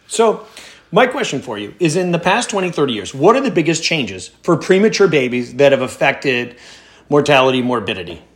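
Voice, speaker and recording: A man's voice: fairly high pitch, big pitch swings, a little fast. A man hosting a casual podcast interview, joking briefly and then asking direct questions. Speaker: podcast host.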